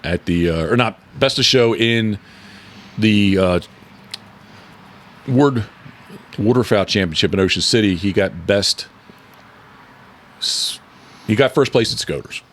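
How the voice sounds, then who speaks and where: A man's voice: fairly low pitch, unhurried, pauses often, a bit bright. A man hosting a casual podcast, rambling and correcting himself often as he talks. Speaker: podcast host and decoy carver.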